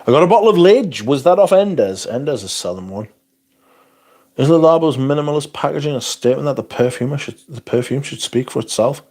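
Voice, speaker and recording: A man's voice: medium pitch, animated, fairly quick, darkish tone. A man hosting a casual livestream, swearing freely as he rants and answers viewer questions. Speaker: livestream host.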